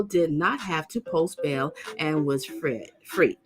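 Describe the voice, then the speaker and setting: A woman's voice: slow, hardly any pauses, faint music behind. A middle-aged woman, reading crime news aloud and breaking off for scornful comments, often stumbling and correcting herself. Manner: blunt and scornful, with sudden high outbursts.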